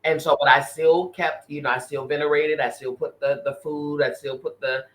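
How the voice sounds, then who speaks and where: A man's voice: on the high side, steady tone, moderate pace, a bit bright, low-quality recording. A man co-hosting a podcast, earnestly telling a personal spiritual story in casual chat, often restarting and repeating phrases. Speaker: podcast co-host.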